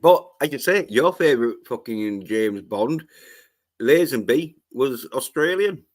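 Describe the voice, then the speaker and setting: A man's voice: mid-range voice, animated, measured pace. Rambling Scottish man who swears freely. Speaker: panel guest. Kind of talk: casual chat.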